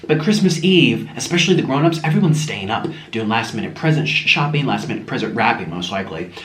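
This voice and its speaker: A man's voice: medium pitch, animated, fast talker, fairly bright tone. A man chatting casually to viewers while eating on camera, gushing and chatty, sometimes talking with his mouth full, at home. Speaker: mukbang vlogger. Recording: echoey room with faint music.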